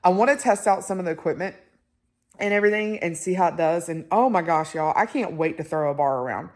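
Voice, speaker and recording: A woman's voice: on the low side, quick pace. Chatty woman vlogger. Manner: chatty, excitable, lots of fillers. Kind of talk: casual chat to camera.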